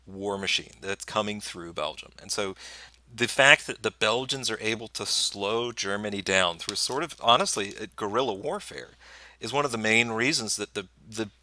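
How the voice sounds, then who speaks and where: A man's voice: fairly low pitch, normal speed, sharp tone, no echo. A man giving a history lecture. He talks in a loose, conversational way, tells events as a story, acts out nations as speakers and corrects himself as he goes. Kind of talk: recorded classroom lecture.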